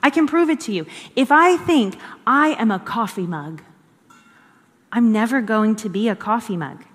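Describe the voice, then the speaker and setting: A woman's voice: fairly high pitch, animated, moderate pace. Earnest woman teaching in a reverberant hall. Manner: earnest, repeats phrases for emphasis. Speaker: devotional teacher. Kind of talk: conversational devotional teaching.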